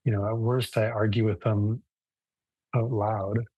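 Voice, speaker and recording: A man with a husky, slightly breathy voice gives a casual live yoga lesson, thinking aloud as he goes. He speaks slowly, pausing and restarting his sentences. The sound is dry and close. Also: lowish voice, flat delivery, no room sound, highs cut off. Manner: casual, thoughtful, many restarts and fillers. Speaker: yoga teacher. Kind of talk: relaxed live class lecture.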